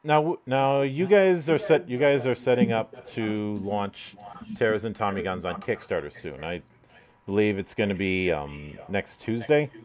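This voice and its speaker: A man's voice: fairly low pitch, unhurried. A man hosting an interview over a video call, hesitant and full of fillers, swearing casually. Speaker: interview host.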